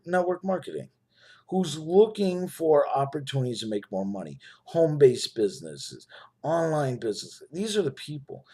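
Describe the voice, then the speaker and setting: A man making a casual, persuasive sales pitch to the camera, often checking in with "right?" and "you know". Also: dark tone, slightly rough. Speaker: network marketing promoter.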